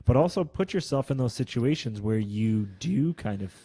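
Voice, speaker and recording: A man's voice: medium pitch, expressive, moderate pace, dark tone, dry recording. A man co-hosting a podcast, a former competitive athlete, talking in an easygoing, agreeable way with frequent "yeah". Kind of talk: casual podcast chat.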